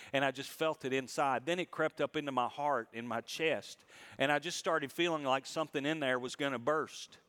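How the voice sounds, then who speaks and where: A middle-aged man preaching a sermon, swinging between quiet reflection and loud, high emphasis and slowing down on key lines. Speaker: pastor.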